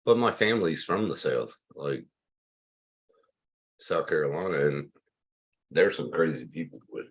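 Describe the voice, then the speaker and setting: A man's voice: rumbling low, expressive, measured pace, pauses often, husky. A man in his fifties from Pennsylvania, hosting a loose livestream chat, rambling and swearing freely. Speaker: livestream host.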